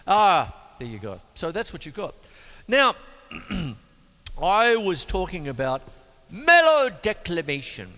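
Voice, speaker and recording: Brief: male drum teacher, animated pitch, wisecracking, long reverb with drums playing. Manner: joking, chatty, counts rhythms aloud. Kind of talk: jokey drum lesson with spoken counting. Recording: reverberant room with drum music.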